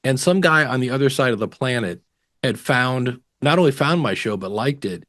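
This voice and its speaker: A middle-aged man, a podcasting teacher, telling stories in a lively way as a guest in a casual interview. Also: mid-range voice, moderate pace, no echo, clean studio sound. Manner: animated storyteller.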